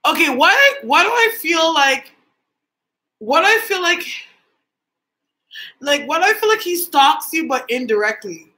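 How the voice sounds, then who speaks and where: A woman's voice: high-pitched, big pitch swings, unhurried, pauses often, pushed and bright, rough recording. A young woman from Canada chatting casually with viewers on a livestream as a psychic medium host, reading their comments aloud.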